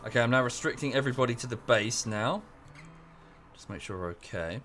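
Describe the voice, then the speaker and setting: A man's voice: medium pitch, expressive, a little fast, fairly bright tone, soft background music. A young English man chatting casually with his stream chat while playing a strategy game, often correcting himself mid-sentence. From England. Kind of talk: casual livestream chat over gameplay.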